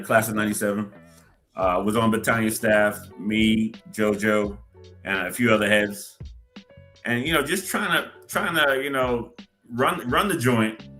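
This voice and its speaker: A middle-aged man speaks as a podcast guest and talks in a halting, casual way, full of fillers. His voice is bright and forward, and faint music sits low behind him. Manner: halting, lots of "you know" fillers. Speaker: guest, former cadet. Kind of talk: casual interview chat.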